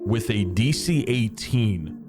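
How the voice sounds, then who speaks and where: Laid back dm guy narrating, lively up and down voice, music playing under. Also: on the low side, takes it slowly. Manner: casual, filler-heavy narration. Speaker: dungeon master. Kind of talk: narrating a tabletop game.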